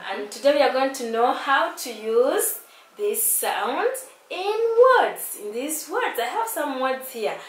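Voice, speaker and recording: A woman's voice: high voice, sing-song, unhurried, roomy sound, far from the mic. A woman teaching phonics to young children, drawing out letter sounds and coaxing them with questions.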